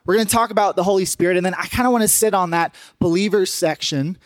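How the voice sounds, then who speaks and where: A man's voice: high-pitched, fast, dry recording. A young man, a pastor, giving a casual sermon that talks to the congregation and jokes with it. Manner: casual, joking, speaks to the congregation.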